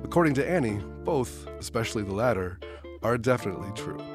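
A man gives scripted host narration in a calm, measured voice of middle pitch. Plucked guitar music plays clearly underneath. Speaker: radio host.

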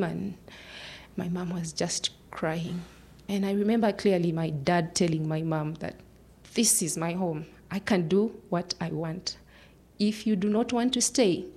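A woman's voice: lowish voice, creaky, darkish tone, breathy edge. A woman in her thirties, a human rights lawyer, telling an earnest personal story and dropping to near-whispers at tense moments.

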